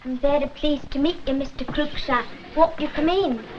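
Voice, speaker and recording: An actress plays a cheerful, polite young woman in a 1960s TV comedy, her voice pitched high. The sound is a dull old TV soundtrack with steady hiss. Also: moderate pace, lightly acted. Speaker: young woman visiting the family. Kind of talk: 1960s sitcom acting.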